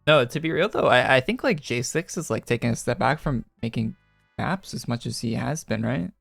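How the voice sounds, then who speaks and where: A man's voice: medium pitch, lively intonation, normal speed, gravelly, fairly bright tone, no room sound, clean studio sound, soft background music. A man streaming a game, reading dialogue aloud and dropping wry, joking asides. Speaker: gaming streamer. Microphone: close studio microphone.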